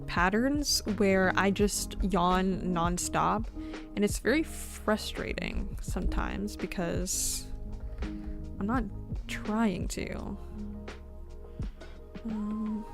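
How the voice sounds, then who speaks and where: A woman's voice: medium pitch, extremely slow, creaky, long pauses, over music. Giggly chatty woman streaming a game. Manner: chatty, giggly, self-mocking. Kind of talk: casual gaming stream commentary.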